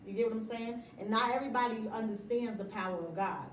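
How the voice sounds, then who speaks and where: A woman's voice: a little high, quick pace, reverberant, recorded from a distance, slight background noise, poor audio. A middle-aged woman talking about running her business in a casual interview, emphatic and motivational, often laughing. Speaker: interview guest, business owner.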